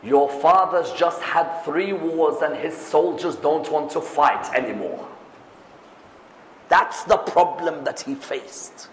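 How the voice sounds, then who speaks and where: A man's voice: a little high, slow pace, slight background noise. Guy giving a religious talk, lots of repeated questions, big roomy echo. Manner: rhetorical questions, emphatic repetition. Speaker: preacher. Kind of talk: religious lecture. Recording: echoey hall recording.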